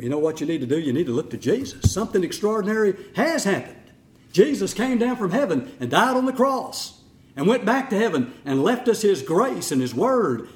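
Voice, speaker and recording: A middle-aged man preaching a sermon in an animated way, sometimes mimicking whiny voices. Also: high-pitched, echoey room. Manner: animated, acts out whining voices.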